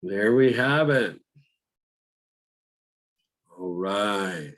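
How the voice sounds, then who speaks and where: A man teaching a cooking class over a video call, talking slowly with many fillers and restarts. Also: fairly low pitch, lively intonation, fairly bright tone, low-quality recording. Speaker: cooking instructor.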